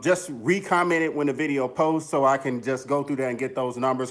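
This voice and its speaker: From his mountain home studio, a music producer and YouTuber casually runs a livestream in a mid-range voice. He keeps things upbeat and chatty, calling out viewers by name and rambling along with plenty of fillers.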